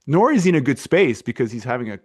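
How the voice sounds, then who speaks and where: A man's voice: medium pitch, very animated, fast. A middle-aged man hosting a podcast, telling a long story in a casual, rambling way full of restarts and fillers. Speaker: podcast host.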